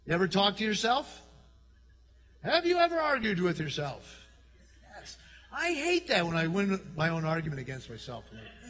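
A man preaching a sermon as pastor, telling stories in an animated way and acting out the voices he quotes. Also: sits high, normal speed. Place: church sanctuary. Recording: church hall reverb.

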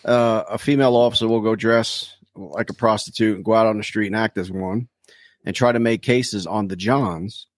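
A man co-hosting a podcast, a former police officer telling stories in a relaxed chat, laughing often and acting out the people he quotes. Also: on the low side, moderate pace, no room sound, clean studio sound. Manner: laid-back, laughs often, acts out quotes. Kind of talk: casual storytelling chat.

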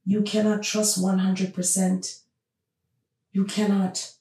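Woman host, opinionated monologue, emphatic and repetitive; gravelly low-bright tone, recorded off-mic in a roomy space. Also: little pitch movement, takes it slowly, far from the mic. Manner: emphatic, repeats rhetorical questions. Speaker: podcast host.

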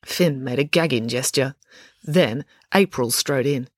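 A woman narrating a children's storybook in an expressive, playful reading. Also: rumbling low, measured pace, no echo, clean studio sound. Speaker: author and narrator.

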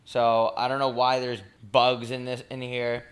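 Young man rambling in crude deadpan jokes. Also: mid-range voice, unhurried, smooth. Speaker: podcast co-host. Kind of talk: casual chat.

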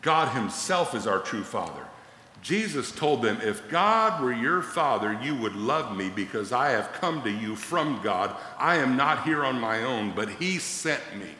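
A man preaching a sermon as a pastor, quoting scripture with dramatic, animated delivery. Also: medium pitch, unhurried. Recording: echoey hall.

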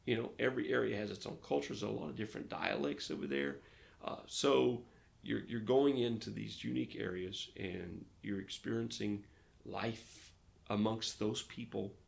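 A man from Arkansas, a pastor, telling lively stories in a casual interview and acting out the dialogue. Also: fairly low pitch, moderate pace, gravelly. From Arkansas, United States. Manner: lively storyteller who acts out dialogue.

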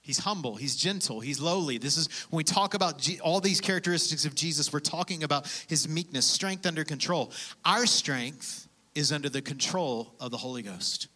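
A male pastor delivers a sermon in a high, bright voice. He preaches in an animated, conversational way, laughing between points and acting out prayers and everyday speech. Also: moderate pace.

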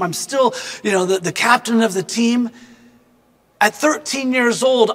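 High-voiced man in a reverberant space. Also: a bit bright. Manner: earnest, reflective, addresses the listener directly. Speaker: speaker giving a devotional reflection. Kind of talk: personal storytelling reflection.

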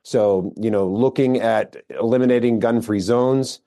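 An American man, middle-aged, a firearms instructor telling his story in a relaxed interview, rambling with fillers and restarts. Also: mid-range voice, a little slow. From United States. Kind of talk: casual interview talk.

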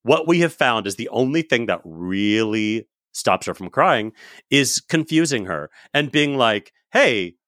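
A man's voice: mid-range voice, lively intonation, a little slow, fairly bright tone, dry recording, studio quality. A man co-hosting a parenting podcast in casual chat, joking and blunt with some swearing. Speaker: podcast co-host.

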